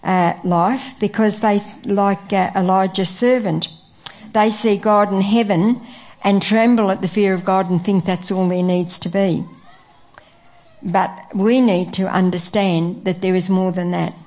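A woman preaching a sermon in an earnest way, pausing often with fillers. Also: mid-range voice, fairly even intonation, darkish tone. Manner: earnest, with frequent filler pauses.

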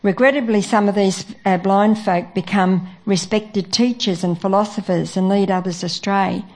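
A woman preaching a sermon in an earnest way, pausing often with fillers. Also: medium pitch, steady tone. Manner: earnest, with frequent filler pauses.

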